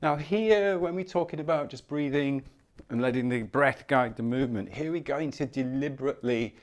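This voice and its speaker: A man leading a morning movement class in a mid-pitched, steady voice. He cues each step calmly and without hurry, and adds gentle encouragement. He shifts closer to and away from the mic as he demonstrates. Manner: calm, unhurried cueing with soft encouragement. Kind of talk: guided movement class instruction.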